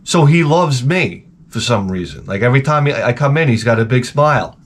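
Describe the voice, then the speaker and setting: A man's voice: medium pitch, expressive, brisk, a little hiss or hum. Man ranting casually, profane. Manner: rambling and profane, with dark jokes. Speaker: retro gaming YouTuber. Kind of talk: casual rant.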